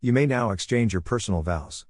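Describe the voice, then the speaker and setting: Guy reading as a young officiant, flat monotone, lowish dry voice. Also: fairly quick, dry recording. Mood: solemn. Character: calm young man officiating a wedding.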